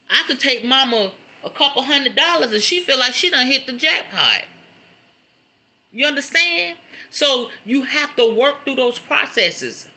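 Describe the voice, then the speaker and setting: High, bright-voiced man hosting a spiritual talk. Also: unhurried, poor audio. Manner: animated, conversational, reads viewer comments aloud. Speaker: host. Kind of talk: casual spiritual livestream talk.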